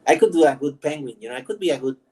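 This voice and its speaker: A man's voice: fairly high pitch, rapid-fire, darkish tone, poor audio. A man hosting his own channel, chatting casually, rambling, laughing often and joking about himself. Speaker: vlog host. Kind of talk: casual chat.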